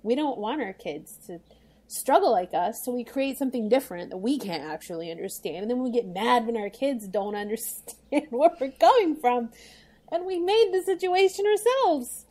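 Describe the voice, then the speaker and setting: A woman's voice: on the high side, lively intonation, normal speed, a little mellow. A woman talking frankly and wryly on a casual book podcast, often laughing between words. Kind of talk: casual book-club chat.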